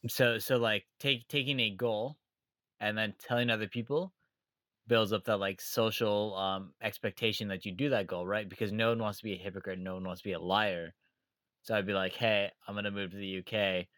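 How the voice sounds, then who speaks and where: A man's voice: fairly low pitch, steady tone, normal speed, a bit bright, no room sound. A man hosting a podcast, asking questions in a teasing way and often repeating his starts. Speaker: podcast host. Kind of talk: casual interview chat.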